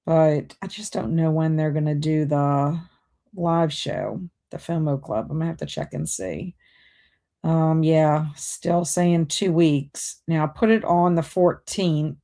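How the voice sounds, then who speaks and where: A woman's voice: low-pitched, a little slow, darkish tone. A woman hosting a livestream, chatting casually and reading out viewer comments while multitasking. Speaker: BookTube livestream host.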